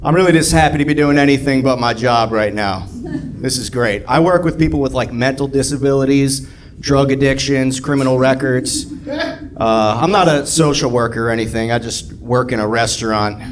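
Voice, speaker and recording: A man doing a stand-up set in a comedy club, deadpan at first and building to a rant. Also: medium pitch, moderate pace, slight background noise. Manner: deadpan, rising to ranting. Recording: live club with crowd. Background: audience crowd.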